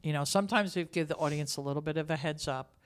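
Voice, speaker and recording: A woman theatre teacher, a guest in a casual chat, telling lively stories from the stage. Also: sits low, fast. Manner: lively anecdotal storyteller.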